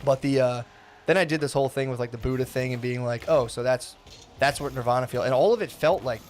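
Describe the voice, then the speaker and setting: Rambling, animated young man telling a story. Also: fast talker, a little hiss or hum. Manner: rambling, animated, heavy swearing and filler words; acts out quoted voices with sudden pitch jumps. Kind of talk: casual storytelling.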